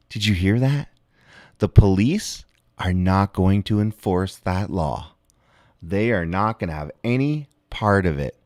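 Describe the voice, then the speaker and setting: Excitable low-voiced man ranting. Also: moderate pace, no echo, clean studio sound. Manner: excitable, swearing, rambling, animated outbursts. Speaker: livestream host. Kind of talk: casual livestream commentary.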